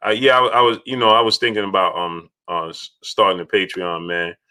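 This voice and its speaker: A low-voiced man runs a casual livestream chat, calling out names from the chat. His voice is bright and forceful and sits low. He repeats phrases as he goes. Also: little pitch movement, a little fast. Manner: shouts out chat donors, repeats himself. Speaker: livestream host.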